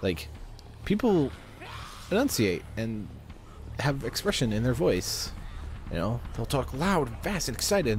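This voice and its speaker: A man's voice: medium pitch, very animated, normal speed, slight background noise. A man giving chatty, rambling commentary while he plays a video game, often talking to himself. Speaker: gamer. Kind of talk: let's play commentary.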